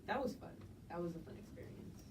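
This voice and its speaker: A young woman from New Jersey, guest artist in a casual interview, laid-back and quick to laugh, saying "like" a lot. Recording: distant mic with faint noise.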